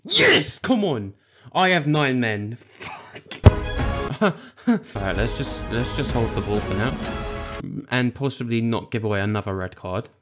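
A young man talks over his football game, dropping into low mutters and swearing, then shooting up into high, excited yelps and desperate pleading. His speech moves slowly overall, and loud music plays underneath the whole time. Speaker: gaming YouTuber. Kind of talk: reactive gameplay commentary.

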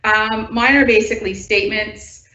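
Speaking from home at a council meeting over a video call, a female resident offers nervous, earnest public comment and presses her objections, her voice shaking with upset. Her voice is medium-pitched, fairly even in intonation, sharp in tone, and moderately paced. The audio sounds distant, echoey, and dull.

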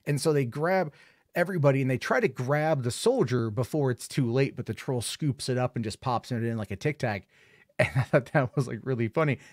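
A man's voice: medium pitch, darkish tone, no echo, studio quality. A man giving a casual spoken film review, rambling with lots of fillers and an amused tone.

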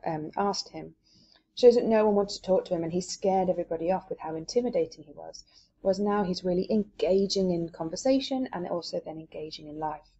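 A woman teacher reading a novel aloud and explaining it steadily, often pausing on hesitations. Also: lowish voice, dark tone, slightly rough. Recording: dull lo-fi recording.

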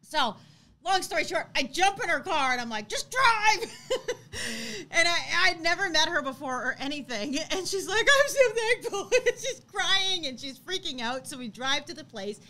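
A woman in her thirties co-hosting a casual chat, telling a story in an animated way and laughing as she acts out what people said. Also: sits high, moderate pace. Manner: animated, laughs while acting out quotes. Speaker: co-host.

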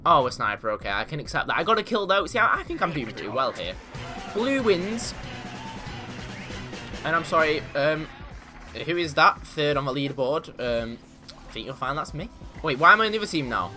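Man, casual gameplay commentary, mock-boastful, lively swooping pitch, slightly high voice. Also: quick pace, over music. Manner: excitable, mock-boastful, yelps and laughs in panic. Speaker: gamer commentating his own play.

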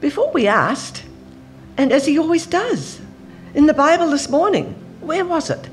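A woman in church voicing a devout, excited woman prisoner who speaks in high, breathless, eager pleas. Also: unhurried, soft background music.

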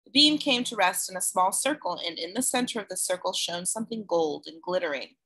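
A woman narrating a novel aloud in a measured, clear storytelling manner. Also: on the low side, expressive, bright, forceful tone. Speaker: audiobook reader. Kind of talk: scripted narration.

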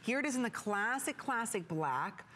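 A woman hosting a live shopping channel, pitching products in an upbeat, salesy way. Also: very animated, normal speed, a bit bright. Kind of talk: live TV selling.

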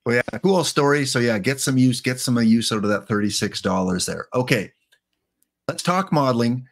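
A man hosting a casual stream chat, asking questions in an easygoing, halting way. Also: mid-range voice, animated, vocal fry. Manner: easygoing, hesitant interviewer. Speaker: host.

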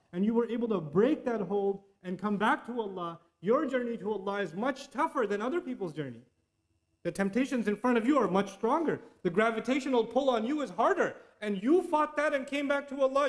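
Man, preacher, high-pitched voice, earnest conversational sermon, recites Arabic verses. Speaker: Islamic preacher.

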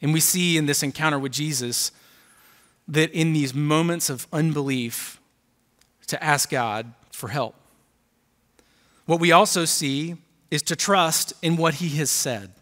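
A man's voice: fairly high pitch, a little slow, long pauses, fairly bright tone. Preaching man in a reverberant hall. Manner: reads scripture aloud, building emphasis. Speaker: pastor. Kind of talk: sermon. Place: church auditorium.

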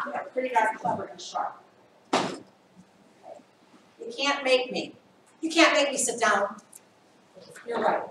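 Woman, 50s, workshop presenter, lively and acts out examples; slightly high voice, recorded from far off in an echoey room. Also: slight background noise. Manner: animated, acts out scenarios. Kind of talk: training workshop talk. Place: school training room.

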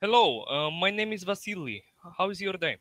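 Man, prank caller, high voice, bright tone, dry close sound, hesitant mock-foreign delivery. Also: expressive, fairly quick, no room sound. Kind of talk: prank phone call.

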